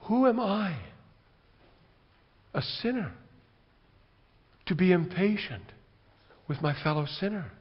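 A man preaching a sermon, swinging between loud rhetorical questions and quiet, earnest passages. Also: high voice, lively intonation, slow pace, long pauses. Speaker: pastor. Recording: dull lo-fi recording with long hall reverb.

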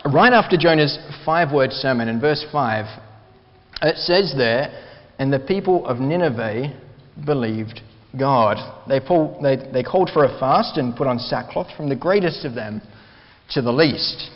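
A man preaching a sermon as a pastor, earnest and emphatic, stressing words slowly. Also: medium pitch, lively intonation. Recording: dull, hall reverb.

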